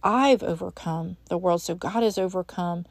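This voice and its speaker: A woman's voice: on the low side, normal speed, creaky, no room sound. A woman hosting a devotional podcast, speaking earnestly and encouragingly to the listener as a friend. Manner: frequent restarts and fillers. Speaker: podcast host.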